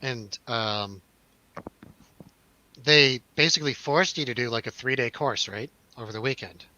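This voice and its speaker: A man's voice: mid-range voice, measured pace, pushed and bright, no room sound, lo-fi sound. A young man on a podcast, telling a story in casual chat, acting out quotes and swearing freely. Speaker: podcast co-host.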